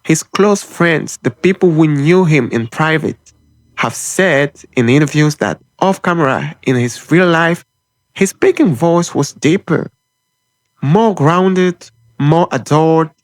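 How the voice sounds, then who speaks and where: A man's voice: fairly high pitch, takes it slowly, dry recording. A man delivering an impassioned, opinionated film commentary monologue in short, punchy phrases.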